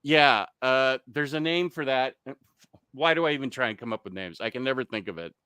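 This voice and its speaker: A man's voice: mid-range voice, fairly quick, pushed and bright, clean tone, dry recording. A man hosting a casual livestream, chatting and reading out comments, laughing often and losing his train of thought. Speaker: livestream host reading chat. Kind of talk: casual live chat.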